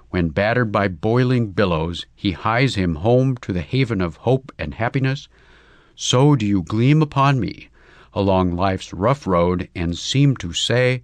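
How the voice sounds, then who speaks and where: A man voicing a bashful young English gentleman who speaks in long, florid declarations, in a storybook reading. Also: deep voice, expressive, measured pace, no room sound. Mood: ardent.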